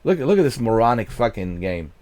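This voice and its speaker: A man's voice: mid-range voice, sing-song, brisk, no room sound. Furious profane man ranting. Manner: profane, shouting in bursts. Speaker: gaming channel host. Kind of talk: angry rant commentary.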